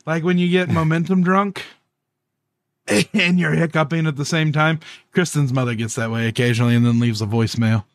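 A man's voice: fairly high pitch, steady tone, brisk, no echo. A man co-hosting a casual podcast, talkative and blunt with crude jokes. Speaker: podcast co-host.

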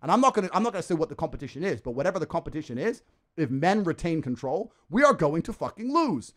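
A man ranting as a podcast guest in a forceful, profane, emphatic way. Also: on the high side, sing-song, fast. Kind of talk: ranting casual talk.

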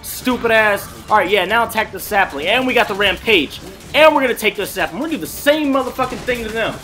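A man streaming an online game, giving excited, profane play-by-play commentary and trash-talking the enemy team from his desk mic. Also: sits high, fast, soft background music. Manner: trash-talking, profane, hyped, swings between mutters and shouts. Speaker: gameplay streamer. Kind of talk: excited live gameplay commentary. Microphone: desk mic at a gaming setup.

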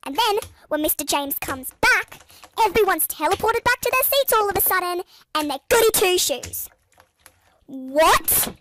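A woman's voice: very high voice, expressive, moderate pace, noisy background. A young woman telling school storytime gripes in a sarcastic, exasperated way, with music playing behind. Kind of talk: storytime narration.

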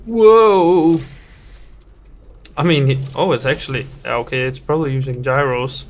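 A man's voice: mid-range voice, measured pace. A young man, a game developer judging player builds in casual, playful gameplay commentary full of teasing banter. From Denmark.

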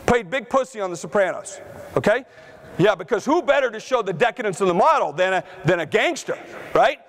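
Brash high-voiced man giving a keynote. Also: expressive, fairly quick. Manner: brash, punchy storytelling with shouted outbursts. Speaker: keynote speaker. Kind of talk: conference keynote talk. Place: conference hall before a live audience.

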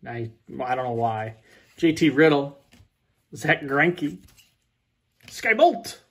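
A husky man sits opening packs of baseball cards and reads the players' names aloud one by one. He talks in a loose, joking way between the names. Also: a little high, sing-song, takes it slowly, long pauses. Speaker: card breaker. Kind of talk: casual card-opening chat.

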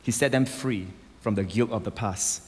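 A man preaching a sermon as a pastor, emphatic and rising to loud exclamations, on a stage microphone in a large church. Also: on the low side, moderate pace. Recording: long hall reverb.

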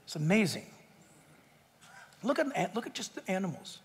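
A man's voice: high-pitched, huge pitch swings, moderate pace, slightly rough, in a large hall. A male pastor preaching an impassioned sermon to his church, full of emphatic rhetorical questions and jokes. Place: church sanctuary.

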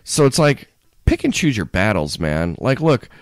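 A man's voice: lowish voice, normal speed, no echo, studio quality. A man co-hosting a podcast, rambling in casual chat with many restarts. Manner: rambling, restarts often, animated. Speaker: podcast co-host.

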